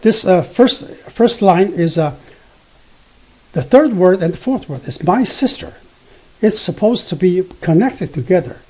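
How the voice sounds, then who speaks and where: A man teaching beginner Mandarin from slides, explaining slowly and haltingly with many fillers, and reading example sentences tone by tone. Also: sits high, lively intonation, darkish tone, breathy edge. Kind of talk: slide-based language lesson.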